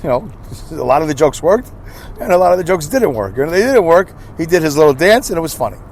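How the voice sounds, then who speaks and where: A middle-aged man from the United States talks through his opinions in a loose, rambling monologue. His pitch swings around a lot, and his tone sits fairly high for a man. Faint traffic noise hums behind him. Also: very animated, quick pace. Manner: rambling, conversational, with restarts and asides. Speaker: podcast host. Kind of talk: casual solo monologue.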